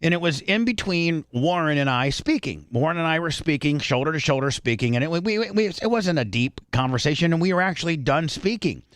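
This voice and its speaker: A man's voice: on the high side, a little fast, few pauses, dry recording, clean studio sound. Rambling radio host, a man. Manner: rambling, animated storytelling with restarts. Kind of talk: casual radio talk, storytelling. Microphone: studio microphone.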